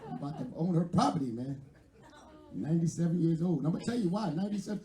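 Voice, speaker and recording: A man's voice: a little high, animated, rapid-fire, echoey room. A man from West Philadelphia with a Philadelphia accent, doing a brash, profane stand-up set with crowd work at a live venue. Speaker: stand-up comedian.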